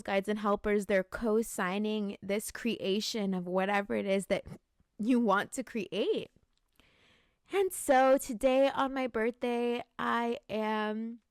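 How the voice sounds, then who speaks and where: A woman in her late twenties hosts a podcast, speaking in a reflective, earnest way with a casual filler-heavy flow. Her voice sits at a middle pitch and is recorded close and dry, with no room sound. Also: dry recording. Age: 20s. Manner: earnest, musing, with many "like"s. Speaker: podcast host. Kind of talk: reflective spiritual talk.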